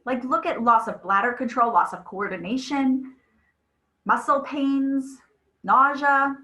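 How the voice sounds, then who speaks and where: A woman in her thirties presents a webinar with a bright, forceful, fairly high voice. She talks conversationally and tells stories, checking in with her audience as she goes. The room adds a noticeable echo. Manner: conversational, animated storytelling with frequent "right?". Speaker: presenter of a mental health webinar.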